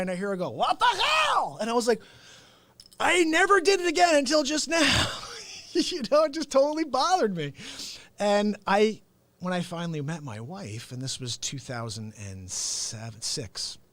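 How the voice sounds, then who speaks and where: A man hosts a live stream with a bright, high voice that leaps around in pitch. He tells animated stories, laughs often and drops into comic impressions. The sound is close and dry, with no room echo. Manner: animated storyteller who slips into comic impressions; laughs often and talks straight to viewers. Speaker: host and real estate agent. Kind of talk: unscripted live-stream talk.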